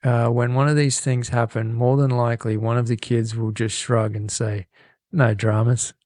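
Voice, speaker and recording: A man's voice: mid-range voice, flat delivery, normal speed, a little mellow, no echo, studio quality. A man co-hosting a podcast, casually reading out a listener's email with lots of restarts and laughter. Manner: rambling, laughing, self-correcting. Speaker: podcast co-host. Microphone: studio microphone.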